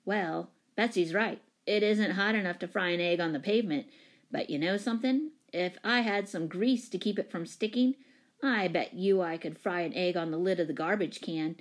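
A woman's voice: lowish voice, moderate pace. A woman reading a storybook, voicing a cheeky younger brother who teases and retorts. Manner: teasing, retorting.

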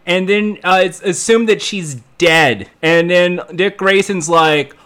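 A man's voice: high voice, slow, fairly bright tone, smooth. A man co-hosting a casual podcast, rambling through a recap with many fillers. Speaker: podcast co-host.

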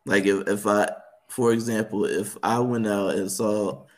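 Male co-host, earnest explainer, lower voice, casual chat. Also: unhurried. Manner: earnest, explains his reasoning step by step. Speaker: podcast co-host.

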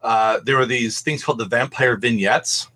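Podcast guy chatting, husky tone, meanders and curses a lot. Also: medium pitch, moderate pace, sharp tone. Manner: rambling anecdotal storyteller, swears freely. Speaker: podcast co-host. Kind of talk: casual chat.

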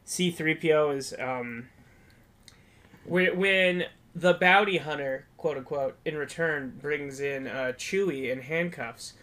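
A young man with a slightly high, bright voice chats on a podcast. He tells stories with animated energy and retells scenes from memory. His delivery stays informal throughout. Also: takes it slowly. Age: young adult. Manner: animated storyteller. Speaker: podcast co-host. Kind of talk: casual chat.

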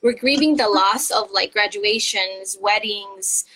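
A woman's voice: mid-range voice, measured pace, fairly bright tone, rough recording. A woman co-hosting a casual faith podcast, earnest and encouraging, laughing often. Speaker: podcast co-host.

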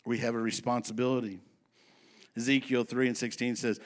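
A man preaching a sermon to his congregation in a folksy, emphatic style, slowing down to read scripture and speeding up for asides. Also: mid-range voice, level tone. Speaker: pastor.

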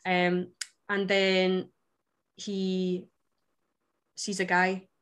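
A Scottish woman from Scotland co-hosting a book podcast, chatting in a wry, animated way. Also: fairly low pitch, very slow, clean tone. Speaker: podcast co-host. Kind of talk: casual chat.

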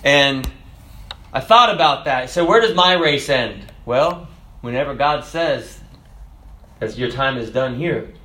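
A man preaching a sermon, reciting song lyrics with rhythm and rising to fervent shouts. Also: medium pitch, lively intonation, slow, long pauses. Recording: echoey room.

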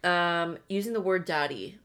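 Frank young woman, slightly low voice. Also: normal speed, crowd noise. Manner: frank, opinionated, casual swearing. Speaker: podcast co-host. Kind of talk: casual chat.

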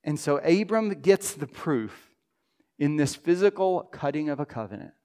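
A man preaching a sermon to his congregation, earnest, dropping to a soft hush when he voices quoted prayers. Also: a little high, expressive, moderate pace, clean tone. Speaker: pastor.

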